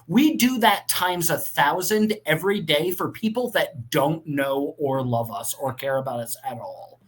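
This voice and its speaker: A fairly high-voiced man on a casual podcast, telling his stories with animated energy and plenty of swearing. He talks fast and expressively as he chats with his co-host. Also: breathy edge. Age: adult father. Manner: animated, profane storytelling.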